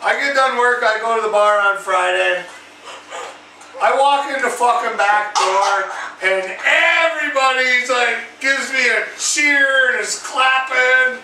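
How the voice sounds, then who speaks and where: A man hosting his own vlog, telling a crude, profane story over drinks in a rambling, animated way. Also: extremely high pitch, unhurried, echoey room, recorded from a distance, slight background noise, rough recording. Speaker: vlog host.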